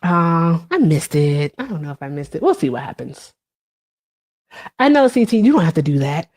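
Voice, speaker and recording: A woman's voice: sits low, very animated, normal speed, a little mellow. A woman in her thirties chatting casually on a live stream, reading and answering viewer comments, with many fillers.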